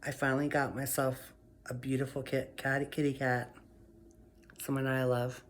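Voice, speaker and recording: A woman sharing her personal story in a vlog, emotional and heartfelt, speaking softly and affirming herself again and again. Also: very deep voice, little pitch movement, moderate pace, a little hiss or hum. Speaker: vlogger.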